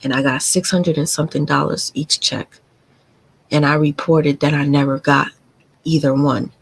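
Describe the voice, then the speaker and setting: A woman's voice: low-pitched, steady tone, normal speed, creaky, slightly rough, rough recording. A woman hosting a live stream, telling a painful family story in a candid, confiding and profane way. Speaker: livestream host.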